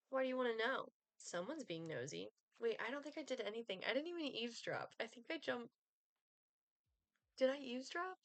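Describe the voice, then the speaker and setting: A woman's voice: on the high side, lively intonation, fairly quick, no room sound. Giggly young woman streamer, dry close mic. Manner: chatty, giggly, rambling asides. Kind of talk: casual game commentary.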